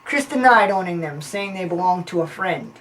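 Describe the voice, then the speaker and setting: A woman's voice: fairly low pitch, moderate pace, a little hiss or hum, poor audio. A woman playing a rambling, scheming informant. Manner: long-winded, deadpan storytelling.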